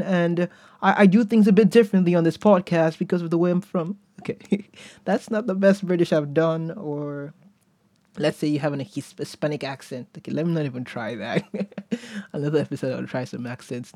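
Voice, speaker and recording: A man hosts his own podcast alone, musing in a loose, casual way. He often chuckles and trails off before restarting a thought. His voice sits fairly high but sounds mellow, and the close mic is dry. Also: no echo. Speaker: podcast host. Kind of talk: casual solo podcast monologue.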